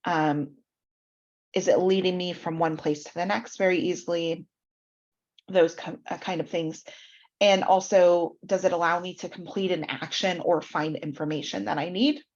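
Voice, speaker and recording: Over a video call, a mentor leads an online workshop, walking through website feedback step by step and saying um a lot. She speaks at normal speed in a lowish, steady, darkish voice. The audio sounds dull.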